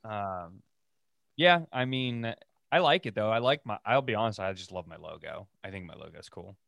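Casual podcast host, male, lowish voice, dry close sound, rambling and relaxed. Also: normal speed, vocal fry, dry recording. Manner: laid-back, rambling with many fillers. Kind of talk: casual chat.

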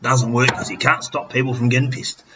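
A man's voice: mid-range voice, fairly even intonation, a little fast. A tipsy Australian man in his fifties hosting a podcast, rambling crudely and swearing constantly. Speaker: podcast host. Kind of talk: boozy comic rant. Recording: slightly dull with faint noise.

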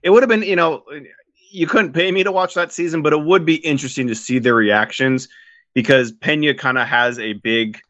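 A man's voice: a little high, a little fast, a bit bright, no room sound, lo-fi sound. A man co-hosting a podcast, chatting casually and joking about fights. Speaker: podcast co-host.

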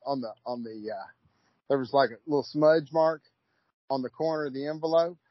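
A man's voice: mid-range voice, moderate pace, dry recording. Sex: man. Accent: Kentucky twang. Role: racehorse trainer. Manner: folksy storyteller. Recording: dull, dry, lo-fi. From Louisville, Kentucky. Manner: relaxed storyteller, folksy, repeats words. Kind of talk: casual interview chat.

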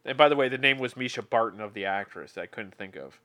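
Male co-host, mid-pitched, casual and chatty. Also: quick pace. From California. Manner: chatty, animated when quoting people. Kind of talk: casual chat.

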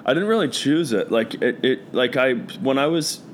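A man from the Philadelphia area with a Philadelphia accent, a DJ being interviewed, talking in a flat deadpan way. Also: normal speed, a little hiss or hum. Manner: deadpan, low-key delivery. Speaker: guest, DJ. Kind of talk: casual conversational interview.

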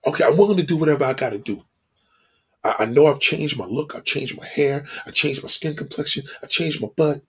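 A man's voice: a little high, a little fast, a bit bright, breathy edge, pitched below the performer's own voice, exaggerated voice. A man voicing a frustrated young woman who pleads earnestly with a psychiatrist for help. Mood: pleading.

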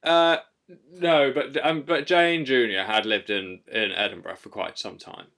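Hesitant deadpan comic male host. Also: medium pitch, a little slow. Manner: hesitant, full of ums, mock-earnest. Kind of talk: deadpan comic improv chat.

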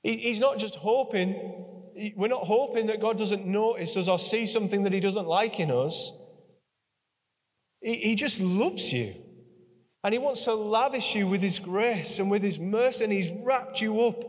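A man with a high-pitched voice preaches a sermon, earnest and conversational, circling back to the same phrases and coaxing the congregation to speak along. His words ring out with a long reverb, as in a large church hall. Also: normal speed. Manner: earnest, repetitive and conversational, with audience prompts.

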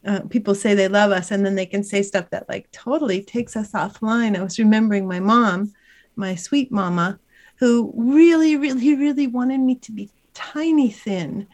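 A woman's voice: medium pitch, normal speed, darkish tone. A woman who is a guest author and meditation teacher, telling stories in a conversational interview and laughing often.

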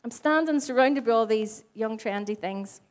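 Her voice sits on the high side and moves at a moderate pace as she preaches conversationally in a church hall. The speaker is a Northern Irish woman in her forties who brings her stories to life for the congregation, acting out the dialogue.

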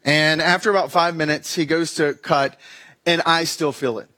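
A man's voice: fairly high pitch, steady tone, moderate pace, sharp tone. A young man telling a comic personal story in a talk, acting out the dialogue and making sound effects. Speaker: speaker giving a weekly message.

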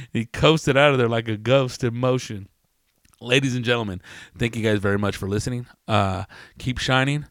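A man's voice: medium pitch, steady tone, normal speed, a bit bright, dry recording, studio quality. A man from California hosting a podcast, telling comedic stories in a casual, profane, laid-back way. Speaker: podcast host. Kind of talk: comedic storytelling.

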